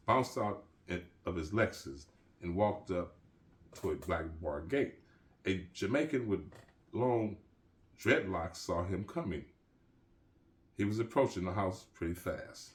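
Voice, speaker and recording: A man with a lowish voice reads his own crime novel aloud in a relaxed, casual way. He drops street-slang asides and restarts lines as he goes. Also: a little slow, pauses often. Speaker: author reading his novel.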